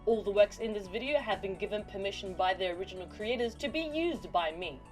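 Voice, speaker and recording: A woman's voice: mid-range voice, expressive, a little fast, soft background music. A young woman, chatty and playful, hosting a casual video where she reads stories into a microphone. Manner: chatty, playful, self-mocking. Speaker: fanfiction reader and video host. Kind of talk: casual chat and story reading.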